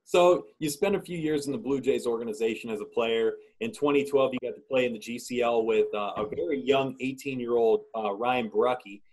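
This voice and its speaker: A man's voice: medium pitch, fairly quick, few pauses, a little mellow, poor audio. A man with a mid-range voice hosts a sports podcast. He asks his questions in a friendly, chatty manner. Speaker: podcast host, interviewer. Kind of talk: casual interview questions.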